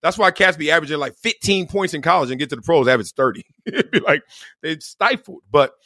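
Animated joking man hosting a podcast. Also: a little high, quick pace, no echo, clean studio sound. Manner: animated, laughing, acts out quotes in voices. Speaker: podcast host. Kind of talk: casual comedic monologue.

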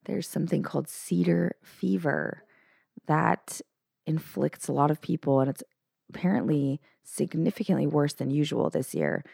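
A woman from Canada co-hosting a podcast, hoarse with a deep, raspy voice, chatting in a light, self-joking way. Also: normal speed, dark tone, dry recording, studio quality. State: hoarse from allergies. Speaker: podcast co-host. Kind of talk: casual podcast chat.

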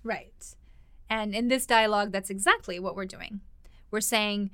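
A woman teaching a language lesson, explaining words and phrases in a clear, explanatory way. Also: mid-range voice, a little slow, bright, forceful tone, no room sound, clean studio sound.

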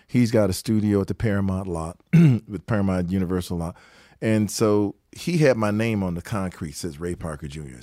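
An older man with a low voice tells stories from his music career in an interview. He is lively and acts out what other people said, laughing often. The sound is dry and close. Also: no echo. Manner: animated storyteller who acts out quotes and laughs often. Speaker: guest musician, guitarist and songwriter. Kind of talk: storytelling interview anecdotes.

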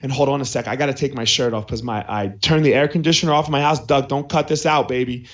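A man's voice: medium pitch, fairly even intonation, fast, highs cut off. A man hosting a podcast from his house, talking in a casual monologue and repeating key points for emphasis. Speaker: podcast host.

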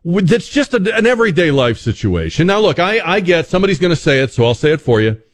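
A man's voice: fairly high pitch, fast talker. A man hosting a talk radio show, joking wryly with a lot of restarts. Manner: wry, joking, animated with many restarts.

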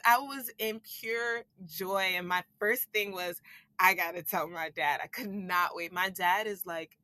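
Young woman, podcast guest, animated storyteller, bright tone, dry close sound. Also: fairly low pitch, measured pace, dry recording. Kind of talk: casual storytelling.

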